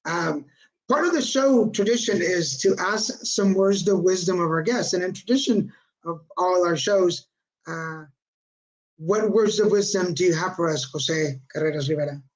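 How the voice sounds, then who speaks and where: A man's voice: high-pitched, normal speed, low-quality recording. A man hosting a live video chat, telling a funny story in a sarcastic, joking way and dropping in Spanish words. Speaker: host. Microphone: video call.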